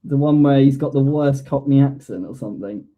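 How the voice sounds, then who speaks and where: A man's voice: mid-range voice, brisk, narrow, tinny audio. A man hosting a casual fan live stream, chatting easily and reading out viewer comments. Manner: easygoing, reads out viewer comments. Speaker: host of a fan show.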